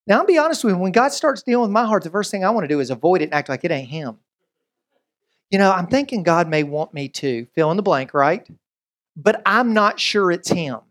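A pastor delivers a sermon in a conversational, animated style, tossing in quick asides and voicing quotes. His voice sits high.

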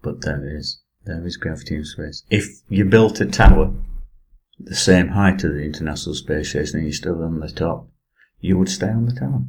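A man's voice: deep voice, normal speed, a little mellow. A man in casual chat, explaining space topics with many fillers.

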